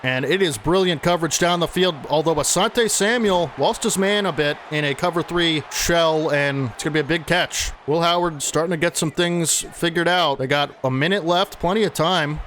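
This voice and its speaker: A man commentating his own football video game play-by-play, excitable and chatty with his viewers. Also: fairly high pitch, moderate pace, few pauses, a little hiss or hum. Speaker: gaming channel host.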